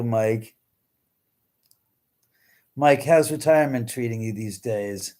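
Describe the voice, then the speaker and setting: A middle-aged man hosting a live stream, chatting casually with viewers and reading their comments, animated, with frequent swearing and trailing restarts. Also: mid-range voice, takes it slowly. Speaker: livestream host.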